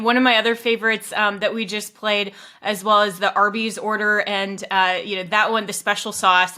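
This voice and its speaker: Animated bright-voiced woman host. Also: mid-range voice. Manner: animated, laughing often. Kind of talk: interview conversation.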